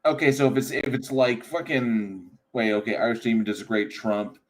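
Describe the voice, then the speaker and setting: A man's voice: mid-range voice, steady tone, normal speed. Blunt Georgia-accented man. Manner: blunt, swears, protests loudly. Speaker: co-host. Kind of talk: casual livestream chat.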